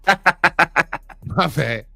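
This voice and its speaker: Lively, bright-voiced male host. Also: fairly high pitch, very slow, creaky, dry recording, soft background music. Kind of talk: casual chat on a live stream.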